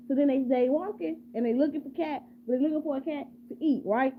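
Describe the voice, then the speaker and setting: A woman's voice: high voice, a little fast, few pauses. A woman improvising a rambling, repetitive story casually and asking her listeners questions. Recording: tinny phone-like, faint hum.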